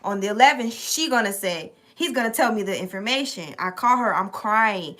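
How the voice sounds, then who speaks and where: A young woman telling a casual, profane story to her viewers, animated and streetwise. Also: mid-range voice, normal speed. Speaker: tarot reader and channel host.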